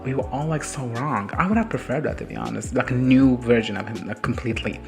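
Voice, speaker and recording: Man, casual reaction vlogger, crude, swears often, frequent laughter, mid pitch, faint background music. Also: fast, gravelly.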